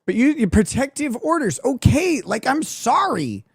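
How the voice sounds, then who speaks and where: A woman's voice: high voice, very animated, normal speed, vocal fry, slightly rough, dry recording. A woman hosting a live-stream reaction show who laughs often, swears freely and talks sarcastically. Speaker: streamer host.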